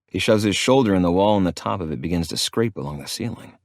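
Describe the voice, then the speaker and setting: A man narrating an audiobook in the first person, in a gruff, profane manner. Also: deep voice, expressive, quick pace, darkish tone, no echo, studio quality.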